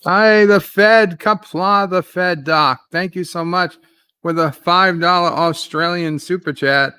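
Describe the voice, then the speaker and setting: A man's voice: sits high, steady tone, takes it slowly, pushed and bright, smooth, dry recording. A man hosting a live movie watch-along stream, chatting casually and reading viewer messages aloud while still getting over an illness. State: recovering from illness.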